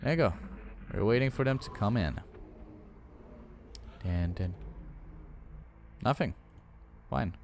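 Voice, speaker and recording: A man's voice: fairly low pitch, animated, takes it slowly, long pauses, darkish tone, a little hiss or hum. A young man commentating his own gameplay, swearing a lot and scolding his game units. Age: young adult. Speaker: gaming channel host. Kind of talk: let's play commentary.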